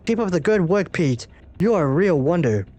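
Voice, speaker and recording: A man's voice: a little high, moderate pace, close to an everyday voice. A man putting on a hearty jovial old boss. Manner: hearty, flattering. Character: jovial older male newspaper boss.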